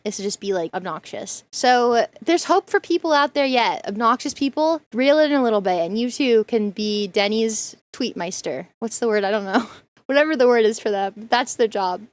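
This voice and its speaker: A woman streamer chatting casually as she reacts to a video. She rambles through her stories with plenty of fillers, and her voice sits on the higher side. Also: animated, normal speed, dry recording. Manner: rambling storyteller, many fillers. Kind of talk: casual chat.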